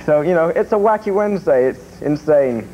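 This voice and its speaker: A man's voice: on the high side, lively intonation, normal speed, dark tone. A man co-hosting a casual morning radio show, joking around and laughing often. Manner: jokey, tells gags, laughs often. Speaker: radio co-host. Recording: dull radio audio with faint hiss.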